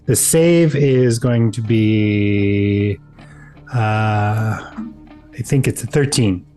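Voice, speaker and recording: A man's voice: on the low side, drawn-out words, warm tone, soft background music. A man playing a tabletop game, casually talking through his turn and reading rules aloud. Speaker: player.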